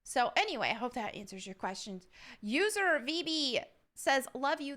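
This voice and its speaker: Bright-voiced chatty American woman. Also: high-pitched, animated, moderate pace. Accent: slight Southern American. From upstate New York. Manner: chatty, laughs often, reads questions aloud. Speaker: YouTuber answering member questions. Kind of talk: casual chat.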